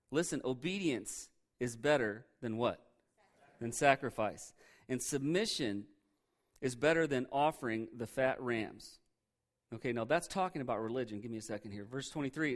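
A man preaching a sermon, reading scripture aloud and retelling it in a conversational, animated way with joking asides. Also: medium pitch. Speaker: pastor.

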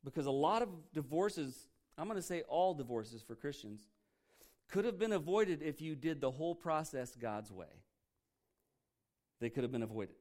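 A man's voice: fairly high pitch, lively intonation, normal speed, darkish tone. A man preaching a sermon as pastor, talking conversationally and acting out quoted voices.

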